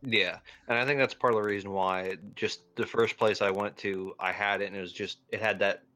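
A man with a fairly low voice co-hosts a relaxed podcast. He talks in an easygoing way and mostly answers his co-host with short replies. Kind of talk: casual chat.

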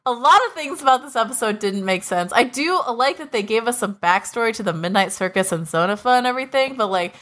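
A woman's voice: a little high, expressive, fast talker, few pauses, fairly bright tone. A woman co-hosting a casual podcast, recapping episodes and skeptically picking apart plot holes. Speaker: podcast co-host.

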